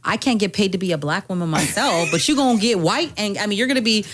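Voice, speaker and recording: Animated, lively-pitched woman chatting. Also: fast. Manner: animated, laughing storyteller who mimics people. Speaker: podcast guest. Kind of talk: casual chat.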